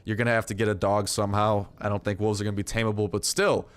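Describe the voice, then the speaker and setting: A man's voice: on the low side, little pitch movement, quick pace, clear, resonant tone. A young man giving casual, rambling commentary over his gameplay, full of fillers and jokes. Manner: rambling, filler-heavy, jokey. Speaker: gaming YouTuber.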